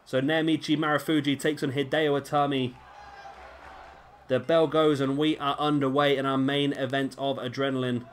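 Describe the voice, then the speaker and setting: A man's voice: medium pitch, level tone, moderate pace. Male game commentator, everyday mid-range voice, chatty and musing, faint hiss behind. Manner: rambling, self-questioning, chatty. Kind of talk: casual play-by-play commentary.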